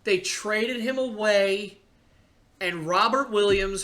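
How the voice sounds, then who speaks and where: Excitable young man ranting about sports. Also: sits high. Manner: excitable, ranting, with frequent fillers and restarts. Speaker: podcast host. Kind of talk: casual sports podcast rant.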